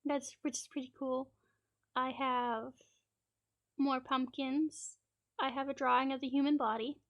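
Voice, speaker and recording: High-pitched gravelly woman, rambling chat. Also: flat delivery, a little slow, fairly bright tone. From Canada. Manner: rambling, laughing, acting out children's lines. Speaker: streamer. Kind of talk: casual storytelling chat.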